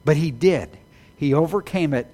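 Man, pastor, high-pitched voice, animated sermon delivery. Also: moderate pace. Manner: animated, rising to emphatic peaks, apologetic asides.

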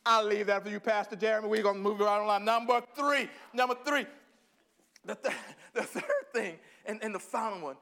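Texan preacher, man, high bright voice, goes from hushed to fired-up shouting. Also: fairly even intonation. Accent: Texan Southern. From Northeast Texas. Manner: swings from low, quiet musing to loud, fervent, drawn-out preaching; laughs and exclaims often. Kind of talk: sermon.

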